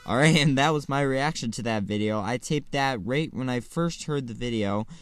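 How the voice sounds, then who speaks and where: Young male gaming host, casual and rambling, prone to excited outbursts, faint music underneath. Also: mid-range voice, normal speed, clear, resonant tone, no room sound. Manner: excitable, shouts and squeals in reaction; rambling, many fillers and restarts. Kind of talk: casual gaming video commentary.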